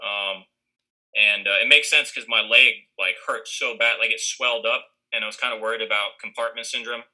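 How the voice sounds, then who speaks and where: A man's voice: on the low side, steady tone, fairly quick, pushed and bright, rough recording. A young man casually telling a rambling story, full of fillers and restarts, acting out what others said. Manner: rambling, many fillers and restarts, acts out quoted lines.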